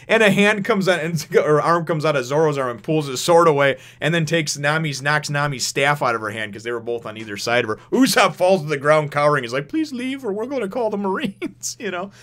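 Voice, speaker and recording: A man's voice: a little high, lively intonation, a little fast, fairly bright tone. A man giving a casual spoken review, rambling with lots of fillers and restarts, and laughing as he retells scenes. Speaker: manga chapter reviewer.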